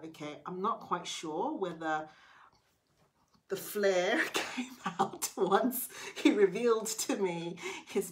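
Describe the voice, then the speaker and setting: A middle-aged woman chatting to camera as she tells a personal story, animated, with quick hushed asides. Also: lowish voice. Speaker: vlogger.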